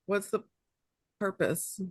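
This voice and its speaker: A woman's voice: slow, no room sound. A woman co-hosting a podcast in casual chat, laughing often and sometimes trailing off mid-thought. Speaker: podcast co-host.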